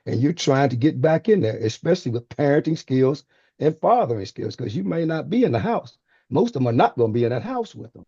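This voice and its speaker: A man's voice: medium pitch, big pitch swings, brisk, mellow, husky, no room sound, muffled recording. A man who teaches fathering classes, explaining steadily as a radio guest and sometimes restarting a phrase. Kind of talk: conversational radio talk.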